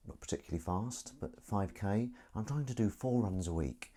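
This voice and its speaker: A man's voice: lowish voice, expressive, normal speed, dark tone. A man hosting a casual solo livestream, rambling and self-mocking while he sets up and greets viewers. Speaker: livestream host.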